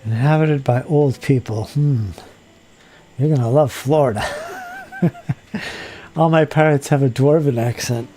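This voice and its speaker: A man's voice: medium pitch, unhurried, long pauses, mellow, slight background noise. A man hosting a casual live hobby chat while he crafts, rambling and joking and often laughing at himself. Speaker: hobby channel host.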